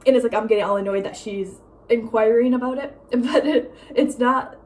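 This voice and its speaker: Rambling, chatty young woman, bit high. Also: normal speed. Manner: rambling, lots of "like" and "um", laughs often; breezy, drifts between loud and soft. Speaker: vlogger. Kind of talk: casual chatty vlog monologue. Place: at home.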